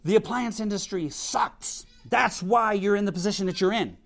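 A man's voice: sits high, quick pace, soft background music. A man preaching a sermon in a conversational way, slipping into a casual story and laughing as he tells it. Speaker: pastor. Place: Idaho.

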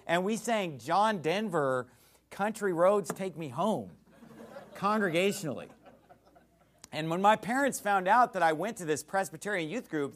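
A male pastor preaching with fire and scorn, his voice pitched high and swinging widely up and down. He hammers points home with emphatic repetition. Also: a bit bright. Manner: fiery, mocking and emphatic preaching. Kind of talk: sermon.

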